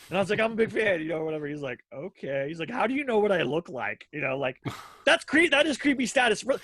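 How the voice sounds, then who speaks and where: A man's voice: fairly high pitch, a bit bright, no room sound. A man in his thirties co-hosting a podcast, telling casual stories in a rambling way with lots of fillers and acted-out quotes. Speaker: podcast co-host. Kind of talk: casual storytelling chat.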